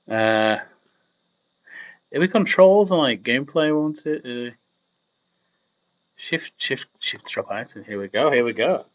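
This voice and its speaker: A man's voice: mid-range voice, expressive, slow pace, pauses often, muffled recording. A young man rambling through casual gameplay commentary, chatty and self-mocking.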